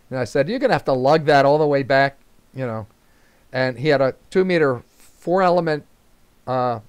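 An older man swaps stories at a club meeting over a video call, rambling from one anecdote to the next with chuckles and fillers. His voice sits at a middle pitch, and the sound is dry, close, and free of any room echo. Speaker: invited speaker. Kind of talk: casual storytelling at a club meeting.

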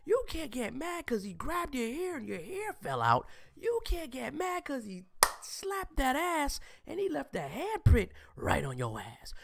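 A man hosting a live stream, ranting crudely and preachily, swinging between shouting and whispering. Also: extremely high pitch, gravelly.

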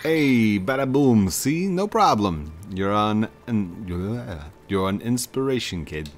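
A man's voice: on the low side, very animated, slow, full character voice. A man voicing a brash male puzzle-building game character with a put-on Boston accent and streetwise banter. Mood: cocky.

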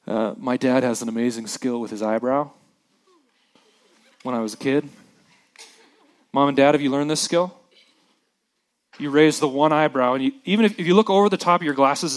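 A man preaching a sermon as a pastor, reading scripture with lively acted-out voices and dropping quiet for the somber parts. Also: medium pitch. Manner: animated preacher who acts out scripture voices, dropping soft for somber moments.

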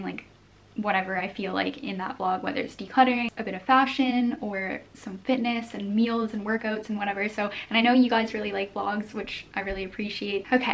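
A young woman from Canada, chatting casually to camera at home and gushing over new clothes in a vlog. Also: mid-range voice. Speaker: vlogger.

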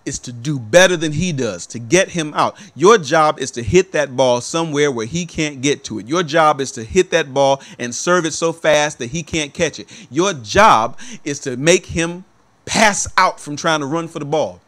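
A man's voice: fairly high pitch, normal speed, fairly bright tone, lightly acted. A man voicing his old tennis coach, who insists and lectures in his own voice. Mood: stern. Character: stern grown male tennis coach. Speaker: quoted coach in a story.

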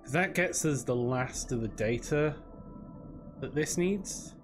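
A man's voice: mid-range voice, expressive, slow pace, music in the background. A man casually commentating as he plays a game live, thinking aloud. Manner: musing, thinking aloud with fillers. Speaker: streamer playing a game. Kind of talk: casual let's-play commentary.

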